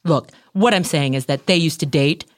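A woman playing a nosy female space station captain, murmuring low and conspiratorially in an improvised comedy scene. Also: moderate pace, no echo, studio quality, natural voice.

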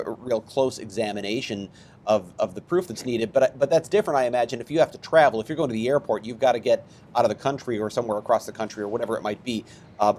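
A man's voice: lowish voice, darkish tone, slight background noise. A male co-host talking conversationally, rambling and restarting phrases. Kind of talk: casual news discussion.

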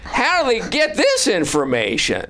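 A man's voice: sits high, wildly swooping pitch, moderate pace, pushed and bright, voice pushed up, full character voice. A man imitating a bitter hack male stand-up comic with a nasal, droning club-comic delivery.

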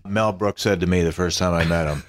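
A man's voice: low voice, fairly even intonation, fairly quick. A man who is a guest on a podcast, telling meandering, self-deprecating stories in casual conversation. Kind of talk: casual anecdotal storytelling.

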